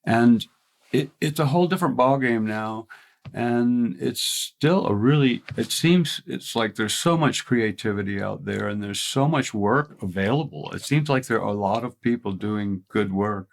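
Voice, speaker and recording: A man's voice: medium pitch, normal speed, creaky. An older man from Mississippi with a faint Southern accent, a ski photographer telling stories in a casual interview, rambling and restarting often.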